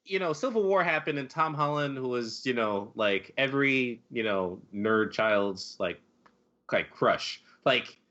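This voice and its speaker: A man's voice: medium pitch, expressive, a little slow, sharp tone, highs cut off. A man hosting a casual movie podcast, talking animatedly with lots of fillers and laughs. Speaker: podcast host.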